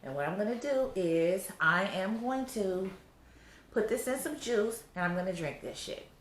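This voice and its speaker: A woman's voice: mid-range voice, expressive, normal speed, echoey room, noisy background. A heavily pregnant woman giving a casual vlog update, blunt and exasperated, cussing freely. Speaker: vlogger.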